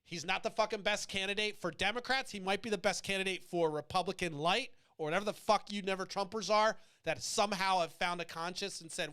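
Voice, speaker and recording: A man with a high, bright, clean voice rants about politics, swearing freely and meaning to provoke. He drifts off on tangents and pulls himself back with a shrug. His delivery is blunt and unapologetic. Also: fairly quick, hardly any pauses, clear, resonant tone. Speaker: podcast host. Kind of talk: profane political rant.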